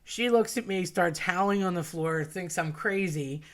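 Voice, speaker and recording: Woman, casual storyteller, chatty and animated. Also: on the low side, moderate pace. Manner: chatty, animated, acts out quoted voices.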